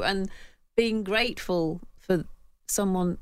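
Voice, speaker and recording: A woman on a radio book panel, talking with growing indignation and sudden rises in pitch. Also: moderate pace, no echo. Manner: impassioned, rising pitch when indignant.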